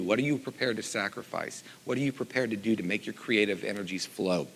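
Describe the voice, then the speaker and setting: A middle-aged man, a composer and teacher, giving a conference talk with animated storytelling and lively voiced quotes. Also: on the low side, moderate pace, hardly any pauses. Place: conference hall. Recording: long hall reverb.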